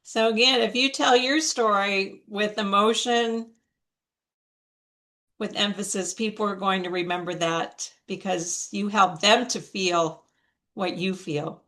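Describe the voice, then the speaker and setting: Slow, deliberate woman giving a motivational talk. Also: medium pitch, pushed and bright. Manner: slow, deliberate, emphatic delivery. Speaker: featured speaker, coach. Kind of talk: motivational talk on public speaking. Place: online video meeting. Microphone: video call.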